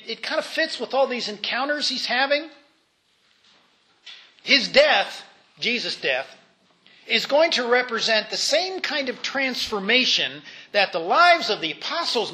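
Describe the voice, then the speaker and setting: Man, high voice, bright tone, casual Bible teaching, chatty with restarts. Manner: conversational, many fillers and restarts, voices quotes in asides.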